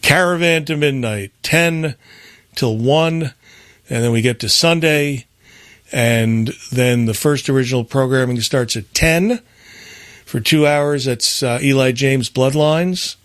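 A man's voice: medium pitch, slow pace, fairly bright tone, no echo. Rambling male radio host, dry sound. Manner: rambling, with frequent fillers and restarts. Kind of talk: casual radio announcement.

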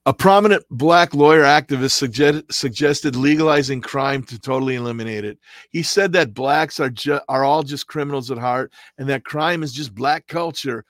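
A man's voice: medium pitch, moderate pace, fairly bright tone, no room sound. A man hosting a podcast over an online call, bluntly reading headlines and quotes aloud. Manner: blunt, crude, reads out quotes. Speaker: podcast host.

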